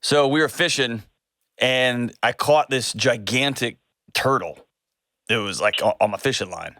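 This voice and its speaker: A man hosts a call-in advice show, his voice sitting at an ordinary middle pitch. He tells stories in a folksy, animated way, recorded dry and close with no room sound. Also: unhurried, no room sound. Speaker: host. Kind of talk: casual call-in advice talk.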